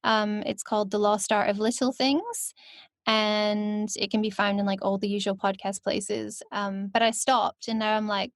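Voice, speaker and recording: A young woman with a Scottish accent chats easily as a guest, her voice sitting at a middle pitch. She laughs often and fills her pauses with "um" and "like", and her voice sounds close and dry. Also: flat delivery, no echo. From Scotland. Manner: chatty, giggly, full of fillers. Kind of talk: casual interview chat.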